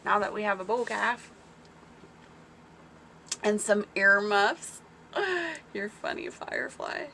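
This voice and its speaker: A woman chats on a farm livestream in a bright, clear voice at a middling pitch. She is excitable and talkative and reads comments from her viewers aloud as she goes. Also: slow, pauses often, slight background noise. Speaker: small-farm livestream host. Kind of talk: casual livestream chat with viewers.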